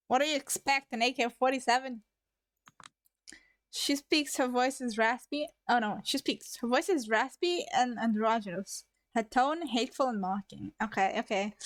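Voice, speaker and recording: A woman's voice: high voice, no echo. A woman streamer reading a story game aloud, breaking off into playful, profane asides. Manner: playful, swears a lot, quick asides.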